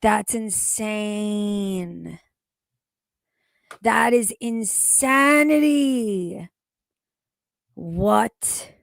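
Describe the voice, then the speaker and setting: A woman's voice: medium pitch, extremely slow, creaky, long pauses, dry recording. A woman streamer giving exasperated, profane reaction commentary, swearing heavily and sounding incredulous.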